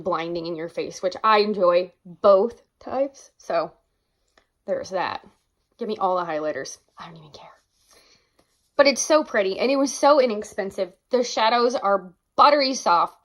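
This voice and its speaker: Enthusiastic young female beauty vlogger, gushy and chatty, mid-range pitch. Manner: gushing, enthusiastic, exclaims often. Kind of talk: casual product review.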